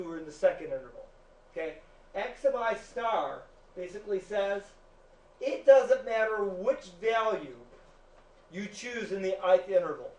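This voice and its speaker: A man's voice: sits high, darkish tone. A male teacher giving a chatty classroom lecture, joking with his students. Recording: echoey classroom from far off.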